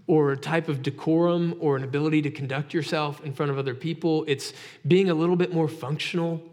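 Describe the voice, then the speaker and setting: A male pastor preaching a sermon in a conversational way, asking his listeners direct rhetorical questions. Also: a little high. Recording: long hall reverb.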